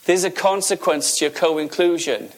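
A man's voice: fairly high pitch, normal speed. A man preaching a sermon, emphatic, asking the audience questions and repeating key phrases.

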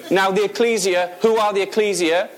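A man delivering a sermon in a notably high voice. He preaches emphatically, firing questions at his listeners and repeating key phrases to drive them home. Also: fairly even intonation, moderate pace.

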